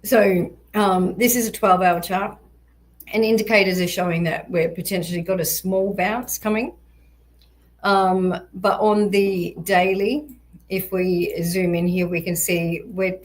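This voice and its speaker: A woman walking through crypto price charts in a measured, explanatory way, with frequent ums and a voice that is going hoarse. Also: mid-range voice, poor audio. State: voice going hoarse, occasional coughs. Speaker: crypto market analyst. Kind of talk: chart analysis walkthrough.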